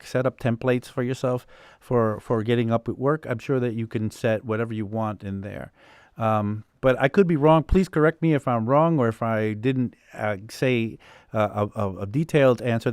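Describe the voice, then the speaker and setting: A man's voice: mid-range voice, smooth, dry recording, studio quality. A man hosting a live music production Q&A over a video call, rambling with many fillers and restarts. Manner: rambling, full of fillers and restarts, laughs easily. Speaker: host.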